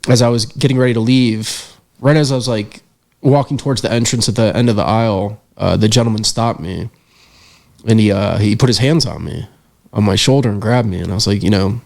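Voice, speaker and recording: A man's voice: on the low side, brisk, gravelly, darkish tone. A young man, a podcast guest and filmmaker, telling a story in a casual interview, earnest and reflective with many fillers.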